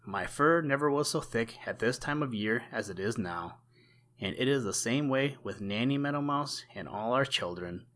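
A man voicing a small, cheeky male meadow mouse with a squeaky, pert and persistent voice in a storybook reading. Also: expressive, moderate pace, a bit bright, natural voice. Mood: knowing.

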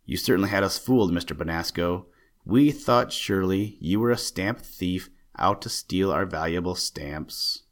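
A man's voice: sits low, normal speed, natural voice. A man voicing a determined young male stamp hobbyist who speaks directly and firmly. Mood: relieved. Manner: direct, firm questioning.

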